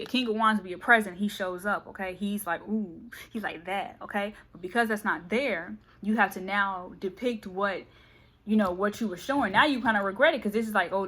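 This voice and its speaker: A woman's voice: medium pitch, sharp tone. Chatty woman giving a playful tarot reading. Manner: fast, chatty, playful, keeps saying okay. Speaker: tarot reader.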